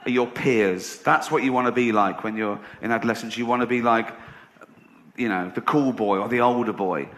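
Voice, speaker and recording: A middle-aged Englishman with a mid-range, slightly bright voice performs brash, profane stand-up storytelling at a live comedy venue. The sound is echoey, with room noise from the venue.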